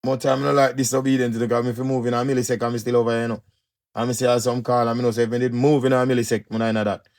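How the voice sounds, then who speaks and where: Male speaker, Jamaican Patois, gravelly voice, preachy motivational monologue, emphatic and repetitive. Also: mid-range voice, little pitch movement, very fast. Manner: emphatic, repetitive, swings loud and soft.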